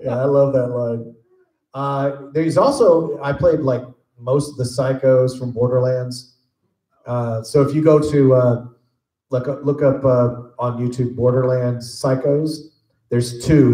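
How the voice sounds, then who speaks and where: A man answering fan questions on a convention panel, relaxed and jokey, rambling through stories. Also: medium pitch. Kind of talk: casual storytelling Q&A. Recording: echoey convention room.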